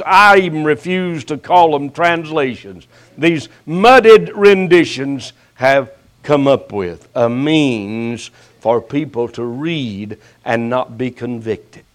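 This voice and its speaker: An older man preaching a sermon as pastor, his voice rising sharply and then dropping to a hush, with folksy, teasing jabs at his listeners. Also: fairly high pitch. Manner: slow preaching with sharp rises and hushed drops.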